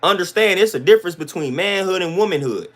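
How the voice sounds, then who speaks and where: Guy ranting on his stream, high-ish voice, blunt, slangy, says it all twice. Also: expressive, fast talker, fairly bright tone. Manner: emphatic, repetitive, slangy, blunt. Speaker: livestream host. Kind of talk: livestream rant to chat.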